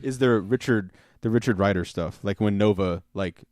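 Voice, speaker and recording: A man hosting a podcast, chatting casually in a rambling, excitable, profane way. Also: sits low, normal speed, no echo. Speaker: podcast host. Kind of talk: casual chat.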